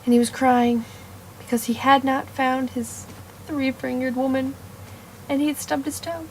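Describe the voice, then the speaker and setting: A woman making up a story on the spot, playful and meandering, with sudden loud bursts and whispered asides. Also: high-pitched, little pitch movement, a little slow, slight background noise. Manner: meandering, self-correcting. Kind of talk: improvised storytelling.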